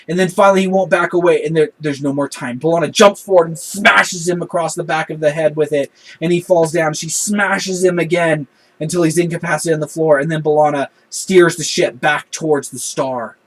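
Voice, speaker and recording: A man giving a casual spoken review of a show episode, retelling scenes in a passionate, animated way. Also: a little high, moderate pace, low-quality recording.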